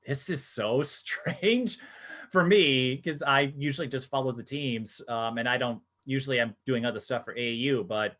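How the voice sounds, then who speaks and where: A man's voice: medium pitch, normal speed, a bit bright. A middle-aged man interviewing young athletes in a casual, teasing way, laughing often. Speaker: sportscaster and interviewer. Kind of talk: casual video-call interview.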